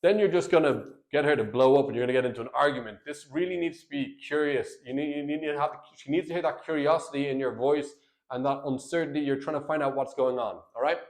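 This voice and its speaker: Brief: earnest man, marriage coach talking to camera, mid-pitched voice, plain direct delivery. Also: quick pace. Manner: earnest, plain-spoken, addresses viewers as guys and brother.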